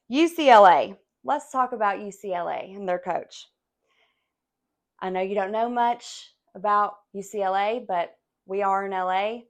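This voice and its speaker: A woman giving a casual sports reaction rant. She is blunt and opinionated, swears freely, calls her viewers "y'all", and talks in an animated, emphatic way with sighs and laughs. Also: medium pitch. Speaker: sports vlogger.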